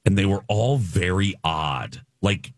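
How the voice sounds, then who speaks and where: Radio host, man in his 40s, low voice with lots of swing, dry studio sound, animated storyteller. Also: takes it slowly, dry recording. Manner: animated, self-deprecating, mimics people he meets. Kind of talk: casual morning-show storytelling. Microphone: studio microphone.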